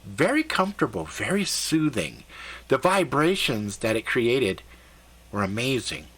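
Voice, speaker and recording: A man telling a first-person story in a conversational, animated and slightly profane way. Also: medium pitch, a little slow, breathy edge.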